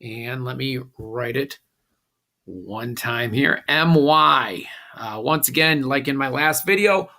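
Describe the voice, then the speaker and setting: A man teaching a recorded classroom phonics lesson, giving slow, patient instructions with a few "uh"s. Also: medium pitch, creaky, pushed and bright.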